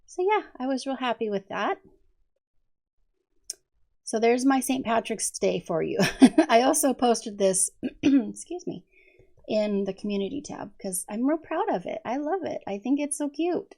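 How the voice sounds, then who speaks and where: Slow, gravelly-voiced woman coloring host. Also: on the high side, expressive, warm tone. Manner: chatty, many ums, giggles often. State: hoarse from allergies. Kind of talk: casual coloring chat.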